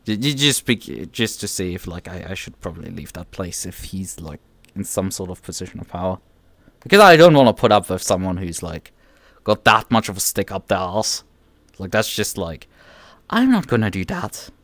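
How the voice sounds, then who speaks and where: A man's voice: sits low, big pitch swings, normal speed, fairly bright tone, dry recording. A man streaming live, ranting in a casual, exasperated way, swearing often and stumbling over restarts. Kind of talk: casual livestream rant.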